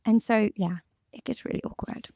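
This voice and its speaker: A woman's voice: fairly high pitch, normal speed, creaky, mellow, no room sound. Woman, mixed Irish-British accent, podcast guest, chatty, candid, dry sound. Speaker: guest, security manager. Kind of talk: casual interview chat.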